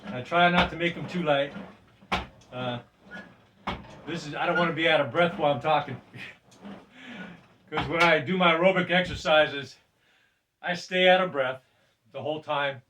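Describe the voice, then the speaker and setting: An older man walks through a weight routine in a home gym, chatting loosely and laughing often. His voice sits a little high and is caught from a few steps back from the camera mic. He breathes deeply between sets. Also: normal speed, long pauses, distant mic, noisy background. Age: 60s. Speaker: fitness presenter. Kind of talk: casual workout demonstration.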